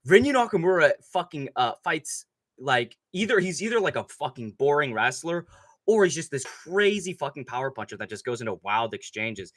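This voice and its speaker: A young man riffs through a casual livestream, loose and profane, full of slang. His voice is bright and sharp with a lively, jumpy pitch, and it sounds dry and close to the mic. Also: a little fast, dry recording. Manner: profane, excitable, loose slangy talk with lots of "bro" and "dude". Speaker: livestream host.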